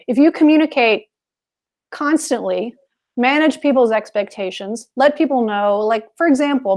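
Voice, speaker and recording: A woman's voice: fairly high pitch, a little mellow. A woman co-hosting a webinar, explaining points earnestly with fillers and repeated words. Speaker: co-host. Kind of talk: casual webinar talk.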